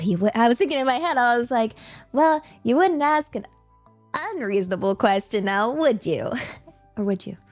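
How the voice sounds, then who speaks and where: A woman chats loosely with her stream, her voice sitting a little high as she wanders between thoughts, filling gaps with ums and quick giggles. Faint music plays underneath. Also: darkish tone. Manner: rambling, giggly, many fillers. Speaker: VTuber streamer. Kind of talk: casual livestream Q&A chat.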